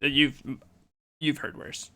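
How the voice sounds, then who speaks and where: A male streamer answering his chat while playing a card game, quick and argumentative. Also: fairly high pitch, fairly even intonation, sharp tone.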